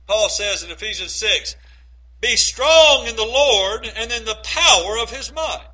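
High, bright-voiced male preacher. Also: animated, rough recording. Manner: emphatic, slows and stretches key phrases; asks the congregation rhetorical questions. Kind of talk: sermon with scripture reading.

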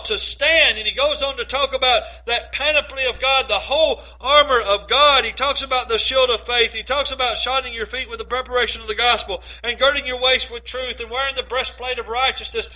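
Male preacher, sermon delivery, high pitched and piercingly bright, emphatic, slows down for emphasis, asks rhetorical questions. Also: low-quality recording. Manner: emphatic, slows and stretches key phrases. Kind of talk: sermon with scripture reading.

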